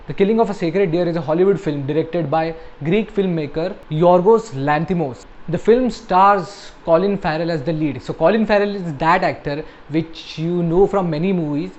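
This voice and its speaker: A man's voice: a little high, normal speed, hardly any pauses, a little hiss or hum. Chatty film reviewer, man. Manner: chatty, jokey, drops to a flat deadpan mutter for asides. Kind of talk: casual spoken film review. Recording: slightly dull home recording with faint ambience.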